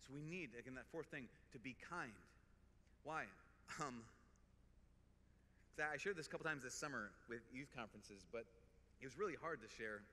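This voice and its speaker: A man with a Minnesota accent, a priest giving an earnest, conversational talk to a live audience, telling personal stories with quick restarts and repeated words. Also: medium pitch, pushed and bright. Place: large conference hall. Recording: reverberant hall, faint background noise.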